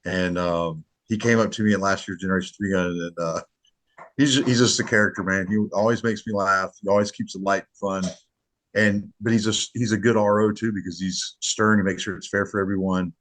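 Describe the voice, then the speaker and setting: A man's voice: low-pitched, steady tone, a little fast, fairly bright tone. A middle-aged man, a match director, chatting casually on a podcast in an earnest, rambling way with many restarts.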